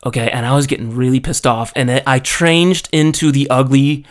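A man's voice: medium pitch, steady tone, normal speed. A man vents to the camera in a loose, profane monologue. He sounds exasperated and restarts his sentences often, tossing in "okay?" and "you know?" as he goes. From foreigner living in Japan. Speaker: storyteller. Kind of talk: casual ranting monologue.

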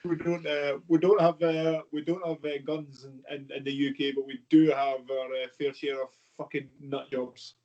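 A man's voice: a little high, level tone, normal speed, few pauses, darkish tone, muffled recording. A man chatting casually, swearing now and then. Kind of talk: casual conversation.

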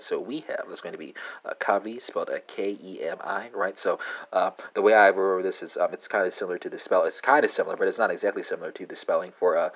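A man hosting a casual language lesson podcast, halting with many fillers and asking "right?" after nearly every word. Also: sits low, slightly rough. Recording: dull lo-fi sound.

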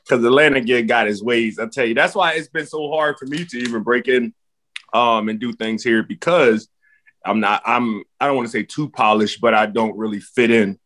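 Bright-voiced man guesting on a podcast. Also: mid-range voice. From New Jersey, Philadelphia area. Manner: measured, self-aware, joking. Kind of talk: casual podcast chat.

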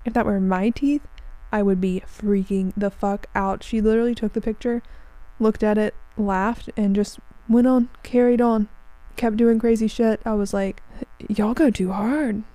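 Animated young woman telling stories. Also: a little high, measured pace, dry recording, rough recording. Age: young adult. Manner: animated storytelling, frequent swearing and laughs. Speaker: podcast host. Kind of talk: casual chat.

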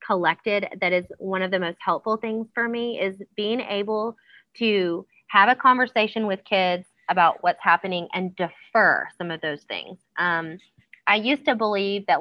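A woman's voice: medium pitch, normal speed, no room sound, highs cut off. A woman in her thirties talking casually about parenting, with frequent ums. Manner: warm, frequent ums, acts out kids' voices. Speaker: parenting podcast guest. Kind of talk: casual conversational chat.

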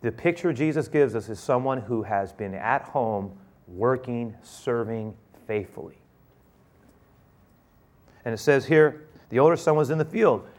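A man preaching a sermon, retelling a story and acting out its dialogue with rising excitement. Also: medium pitch, a little slow.

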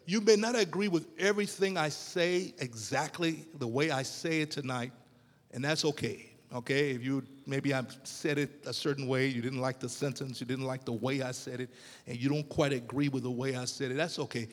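A man preaching a sermon to a congregation, with emphatic, drawn-out phrases and rhetorical questions. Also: medium pitch, fairly even intonation, in a large hall. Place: church sanctuary.

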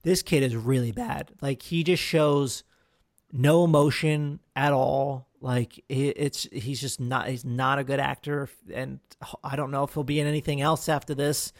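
A man's voice: mid-range voice, steady tone, a little slow, dry recording, clean studio sound. A man hosting a podcast, reviewing films in casual chat, rambling and swearing with lots of fillers and restarts. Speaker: podcast host.

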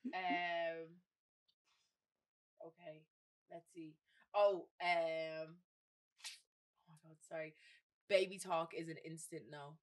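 A woman's voice: low voice, steady tone, takes it slowly, pauses often. A woman co-hosting a podcast, joking at her own expense and laughing often. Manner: laughs a lot, self-mocking. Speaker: podcast co-host. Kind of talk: casual banter.

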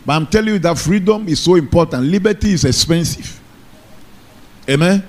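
Here a pastor preaches at a brisk, animated clip, his pitch high for a man. Again and again he checks whether the congregation is with him and calls out for an amen, call-and-response fashion.

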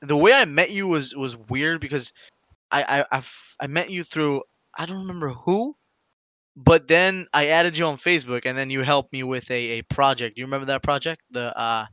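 A man with a bright, somewhat high voice chats loosely with friends, laughing often and restarting his sentences as he goes. The sound is dry and close, with no room around it. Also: moderate pace, no room sound. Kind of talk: casual chat.

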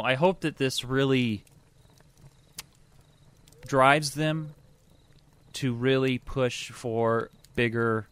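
A man's voice: mid-range voice, a bit bright, smooth. A man co-hosting a casual gaming podcast, chatty and upbeat as he reads out game news. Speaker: podcast co-host.

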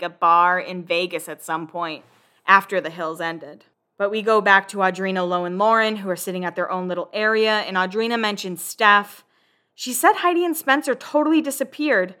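A young woman hosting a casual recap chat, talkative and swearing freely. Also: medium pitch. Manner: chatty, swears freely, quotes people in animated voices. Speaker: podcast host recapping a reality show.

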